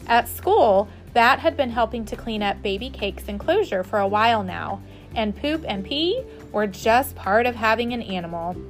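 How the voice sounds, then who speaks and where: A woman teacher reading a children's book aloud with expressive delivery. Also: fairly high pitch, moderate pace, soft background music. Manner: warm, expressive.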